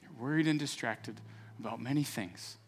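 A man's voice: medium pitch, normal speed, faint music behind. A middle-aged man preaching a sermon in an earnest, conversational way, then moving into a fervent prayer. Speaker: pastor.

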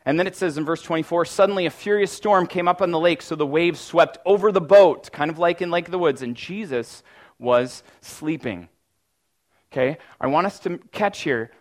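A man delivers a sermon in an easygoing, conversational tone, his voice sitting a little on the high side. He often says "like" and restarts sentences, and now and then he breaks into loud, exaggerated cries of mock panic. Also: moderate pace. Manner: casual, conversational preaching with frequent "like" and restarts. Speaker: pastor.

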